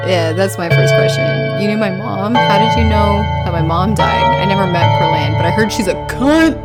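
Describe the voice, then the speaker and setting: A woman's voice: mid-range voice, normal speed, hardly any pauses, over loud music. A woman giving casual let's-play commentary, crude and sarcastic, swearing freely. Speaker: gaming video host.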